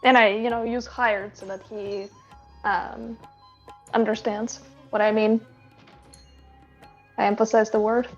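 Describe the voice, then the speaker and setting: Female player, hesitant, higher voice, dull mic, light music. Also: level tone, takes it slowly, pauses often. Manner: hesitant, thoughtful, describes her actions. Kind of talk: in-character tabletop play.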